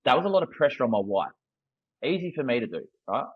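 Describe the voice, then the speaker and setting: A man's voice: medium pitch, big pitch swings, quick pace, slightly rough, no echo, highs cut off. An Australian man in his thirties, a football coach speaking as a guest in a casual interview, candid and earnest, often restarting his sentences.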